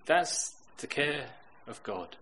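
Middle-aged male preacher, mid-pitched, lively sermon storyteller; light noise under the voice. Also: slow, rough recording. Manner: storytelling, swings from loud emphatic to quiet.

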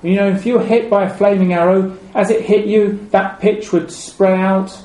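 A man preaching a sermon. He is measured and repeats key phrases, and his voice drops low and soft at the ends of phrases. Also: steady tone. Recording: echoey room with faint ambient noise.

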